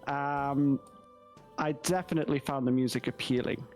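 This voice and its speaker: A man's voice: mid-range voice, steady tone, normal speed, a little mellow, soft background music, lightly acted. A man voicing an old male elf war veteran in a mixed Irish and British put-on accent, tagging his lines with "so it was". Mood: musing. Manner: musing, tags phrases with "so it was".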